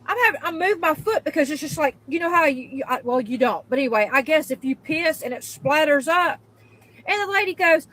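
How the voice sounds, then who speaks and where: A woman venting in an angry, profane rant, swearing often and breaking into loud, shrill outbursts. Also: a little fast, rough recording. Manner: profane, exasperated, emphatic; spikes into loud high outbursts. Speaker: worker venting in a video clip.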